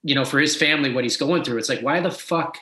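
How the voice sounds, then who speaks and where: A man's voice: mid-range voice, quick pace, pushed and bright, roomy sound. A man co-hosting a podcast, talking in a wry, teasing, blunt way. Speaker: podcast co-host. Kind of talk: casual podcast chat.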